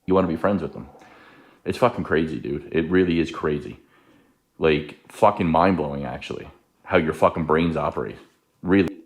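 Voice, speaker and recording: A man's voice: rumbling low, normal speed. A man ranting heatedly, swearing and accusing someone in a played clip. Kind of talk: angry rant in a played clip.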